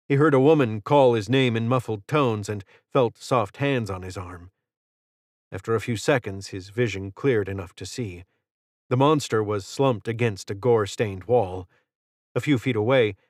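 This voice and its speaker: Low-voiced male audiobook narrator. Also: no room sound, clean studio sound. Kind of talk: scripted narration.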